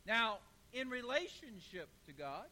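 A man's voice: extremely high pitch, big pitch swings, measured pace, pushed and bright, slight background noise. A male pastor preaching a sermon, building emphatic repeated lists and calling the congregation to answer back. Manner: emphatic repetition, call-and-response with congregation. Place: church sanctuary. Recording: long reverb of a church hall.

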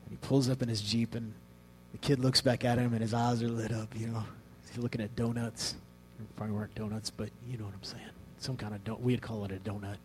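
A man preaching a sermon in a conversational way, telling a story with hushed asides. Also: fairly low pitch, flat delivery, quick pace, a little hiss or hum, poor audio.

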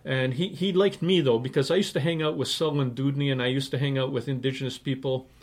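A man's voice: mid-range voice, steady tone, fast, a little mellow. A man in his sixties from Canada, an interview guest telling long anecdotes in a rambling, casual way, with many fillers and laughter at his own stories. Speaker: interview guest, writer and publisher.

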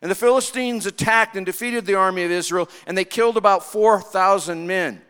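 Pastor, male, high clear voice; expressive sermon delivery in a reverberant hall. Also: fairly quick. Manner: expressive preaching, acts out quoted lines.

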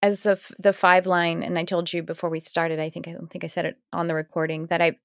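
A woman's voice: lowish voice, flat delivery, fast, clear, resonant tone, no echo, studio quality. A woman hosting a podcast, chatting casually and rambling, with frequent restarts. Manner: rambling, restarts, acts out quoted voices. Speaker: podcast host.

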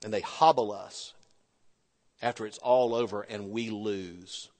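A man preaching a sermon as a pastor, animated and swinging from loud emphasis to hushed, low asides. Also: measured pace, in a large hall.

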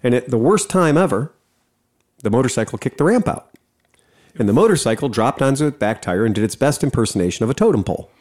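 A man hosts a podcast and spins a long story in loose, salty chat. His voice sits at an ordinary middle pitch. He talks in an animated way and swears freely. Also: fast. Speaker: podcast host.

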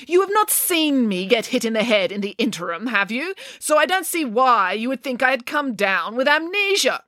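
A woman voicing an outraged grand pig nanny, high slow drawl, lively swoops, storybook, dry sound. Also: dry recording. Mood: indignant. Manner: indignant, imperious, sarcastic. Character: pompous grand female pig nanny, quick to fight.

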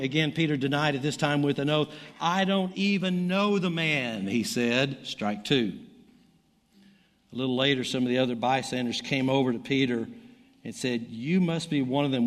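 Man, Southern American accent, middle-aged, preacher, sermon, animated scripture reading, long hall echo. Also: mid-range voice. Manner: animated Bible reading, voice rising for quoted lines.

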